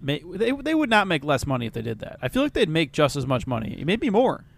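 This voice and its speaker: A man's voice: a little high, wildly swooping pitch, a little fast, vocal fry. A man co-hosting a podcast in casual chat, laid-back and joking, laughing often. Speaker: podcast co-host.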